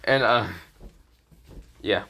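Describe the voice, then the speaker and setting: A man's voice: medium pitch, extremely slow, noisy background. A man casually narrating an improvised fan story, rambling with fillers and self-corrections.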